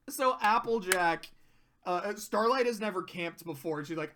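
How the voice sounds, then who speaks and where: Bright-voiced, rambling, profane commentator. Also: medium pitch, fairly even intonation, moderate pace. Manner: rambling, profane, laughs often. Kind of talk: casual recap commentary.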